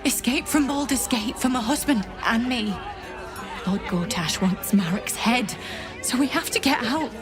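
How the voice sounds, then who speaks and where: A woman's voice: on the high side, animated, music in the background. A desperate townswoman selling a necklace. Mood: pleading. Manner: pleading, hurried. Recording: game dialogue under tavern crowd.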